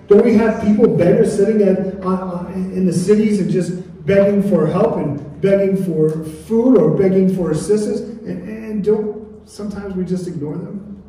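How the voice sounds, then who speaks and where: A man's voice: sits high, a little slow, warm tone. A man preaching a sermon as pastor, earnest and calling on his congregation to respond. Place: church sanctuary. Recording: echoey church from far off.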